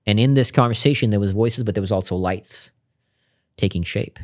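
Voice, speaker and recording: A man as a podcast guest, telling a personal story in an earnest, reflective way and often dropping to a hushed voice. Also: fairly low pitch, fairly quick. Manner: earnest and reflective, drops to a hushed voice when recounting intimate moments. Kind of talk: conversational interview storytelling.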